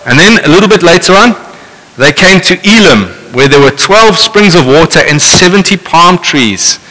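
A man's voice: sits high, animated, moderate pace, sharp tone. Male preacher, casual and wry, reverberant hall. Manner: conversational, wry asides. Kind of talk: sermon with scripture reading.

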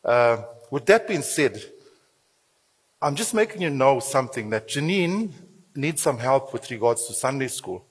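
In a church hall, a man delivers a sermon along with church announcements, his slightly husky, medium-pitched voice echoing with a long reverb. He keeps a measured pace, lively and joking, tossing in playful asides.

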